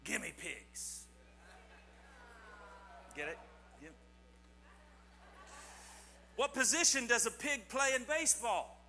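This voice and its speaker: A man's voice: extremely high pitch, very animated, slow, vocal fry, long pauses, bright, forceful tone, soft background music. A man giving a children's sermon in a church, telling corny jokes and quizzing his audience in a playful, teasing way. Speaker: pastor giving a children's message. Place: church sanctuary. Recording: long church hall reverb, faint mains hum.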